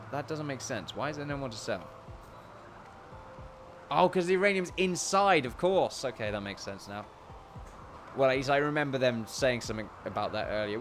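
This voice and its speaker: British man chatting over game music. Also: mid-range voice. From Britain. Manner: chatty, musing aloud, quick bursts of excitement and laughter. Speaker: gaming YouTuber. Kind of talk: casual gameplay commentary.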